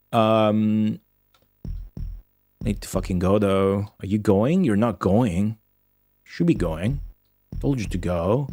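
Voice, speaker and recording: A young man streaming a strategy game, talking to viewers in excitable commentary full of swearing. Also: sits low, slow pace, long pauses, no echo, clean studio sound, soft background music. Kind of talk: casual gameplay commentary.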